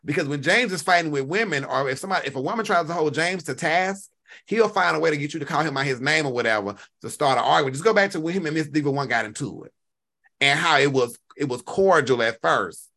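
Brief: bright-voiced male co-host, lively gossip, high-pitched quoting. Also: quick pace. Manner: animated, swings pitch up when quoting others. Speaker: podcast co-host. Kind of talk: casual gossip chat.

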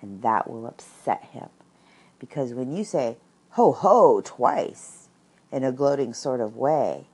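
Winnie the Pooh: a woman voicing a slow, musing bear. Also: very deep voice, slightly rough, exaggerated voice. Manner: calm, musing, encouraging. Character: slow, thoughtful male teddy bear. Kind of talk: storybook read-aloud.

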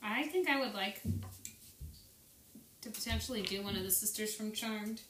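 A woman's voice: medium pitch, moderate pace, a bit bright, a little hiss or hum. A woman chatting animatedly and giggling with friends about cosplay. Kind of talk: casual chat. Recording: echoey room, distant mic.

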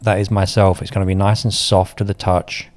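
Laid-back low-voiced male co-host. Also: flat delivery, a little fast, a little mellow. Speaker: podcast co-host. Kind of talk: casual golf chat.

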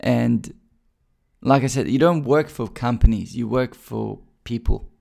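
Man, very gravelly and mellow, casual storyteller, fillers and restarts. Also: mid-range voice, a little slow. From Bosnia. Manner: chatty, many fillers and restarts. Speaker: recruiter telling his career story.

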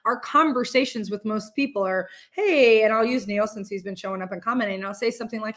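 A woman's voice: medium pitch, fast, few pauses, fairly bright tone. A middle-aged woman with a voice in the middle of the usual range hosts a casual motivational talk. She speaks candidly and animatedly, swears freely, and often restarts her sentences as she goes. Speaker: host.

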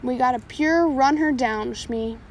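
A woman's voice: high-pitched, unhurried, slight background noise. A woman voicing a scheming, cruel male pirate captain who sneers at his crew, in a storybook reading. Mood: sneering. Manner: sneering, self-satisfied.

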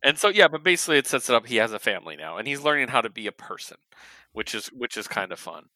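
A man's voice: medium pitch, very animated, fast talker, sharp tone, no room sound. A man co-hosting a comic book podcast, talking casually with lots of fillers and restarts. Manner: rambling, filler-heavy. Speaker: podcast co-host. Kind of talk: casual chat.

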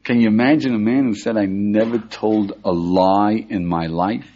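An older American man, a rabbi, giving a lively class and checking in with his listeners with a steady "yeah?". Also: lowish voice, moderate pace, a crowd in the background. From United States. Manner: animated, questioning the audience, frequent "yeah?". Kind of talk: lively Torah class lecture. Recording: dull lo-fi lecture recording.

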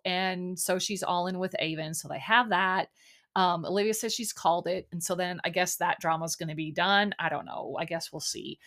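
A woman's voice: fairly low pitch, steady tone, normal speed, a bit bright. A woman talks on her own in a casual recap podcast. She rambles with plenty of fillers. Her frustration keeps breaking through. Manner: chatty, exasperated, full of ums and likes. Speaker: podcast host.

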